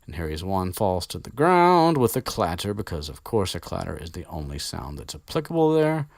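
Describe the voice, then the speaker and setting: A man's voice: low voice, big pitch swings, normal speed, gravelly, dry recording. A man casually retelling a story as podcast host, rambling with swearing and many fillers, close to the mic.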